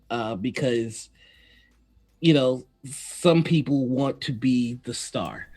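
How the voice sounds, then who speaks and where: A man co-hosting a live stream chat, laughing often and talking in halting restarts, with the hiccups. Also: mid-range voice, a little mellow, faint music behind. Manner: giggly, halting, many restarts. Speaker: co-host.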